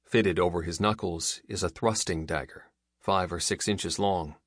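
Man, very deep voice, dry close sound, measured audiobook narration. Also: fairly even intonation, a bit bright, no echo. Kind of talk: scripted narration.

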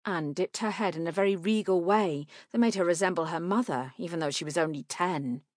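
A woman narrating an audiobook in a measured, clear way. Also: on the low side, a little mellow, dry recording, studio quality.

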